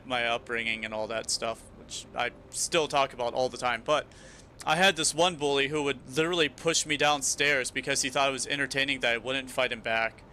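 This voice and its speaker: A man's voice: mid-range voice, pushed and bright, slight background noise. A young man streaming a game, chatting casually and telling a long story with frequent restarts. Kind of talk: casual chat while gaming.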